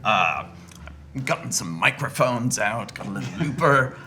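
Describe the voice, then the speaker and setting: A man's voice: medium pitch, lively intonation, unhurried, sharp tone. A man who is a player at a tabletop game, joking in a laid-back way. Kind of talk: casual chat at a game table. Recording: noisy background.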